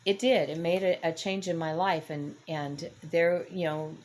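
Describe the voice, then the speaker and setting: Older lady with a really low voice, rambling through a faith story, keeps restarting her sentences. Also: steady tone, a little slow, a little mellow. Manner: rambling, self-correcting storyteller. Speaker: host. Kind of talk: casual faith-based storytelling.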